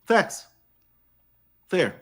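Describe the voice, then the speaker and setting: A man's voice: extremely slow, fairly bright tone. A man co-hosting a podcast in casual chat, teasing playfully and laughing through his jokes. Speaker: podcast co-host.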